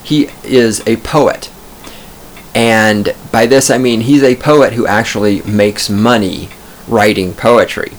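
A man's voice: fairly low pitch, fairly even intonation, takes it slowly, a little hiss or hum. A man hosting a podcast from a studio booth, telling stories in a profane, digressive, self-amused ramble. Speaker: podcast host. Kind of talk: rambling comic monologue.

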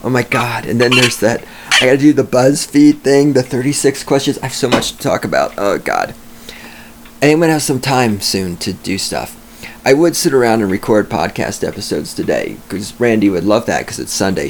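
A man's voice: mid-range voice, animated, normal speed, a little hiss or hum. A man hosting a solo podcast, ranting with sarcasm and heavy profanity, talking at his home microphone. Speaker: podcast host.

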